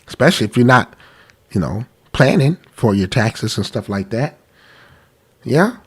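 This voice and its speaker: A man's voice: medium pitch, expressive, measured pace, slightly rough. A man hosting a live-streamed talk about money, congested from a cold, earnest and pleading, repeating himself. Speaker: podcast host.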